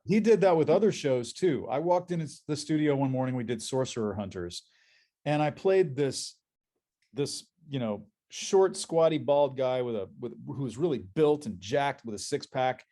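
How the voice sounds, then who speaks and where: A male voice actor appearing as a guest on a convention panel tells lively anecdotes at a moderate pace in a mid-range voice. He repeats words whenever he restarts a thought.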